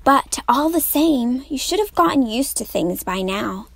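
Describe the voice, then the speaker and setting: A woman doing a calm, eager farm wife. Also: high-pitched, unhurried, creaky, no room sound, exaggerated voice. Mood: patient. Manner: eager, warm, patient.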